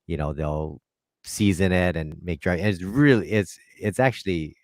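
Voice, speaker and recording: A man's voice: sits low, normal speed, no echo, clean studio sound. A man hosting a casual live stream, easygoing and hesitant with many fillers.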